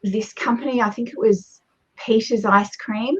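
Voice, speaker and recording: A woman with a husky, breathy voice speaks in a lively, conversational way. Her pace and loudness change often to make her points. The sound is muffled and lo-fi. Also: a little high, measured pace. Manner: animated storyteller, lively shifts in pace and loudness. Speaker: guest, presentation coach. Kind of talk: conversational advice. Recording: dull, muffled lo-fi audio.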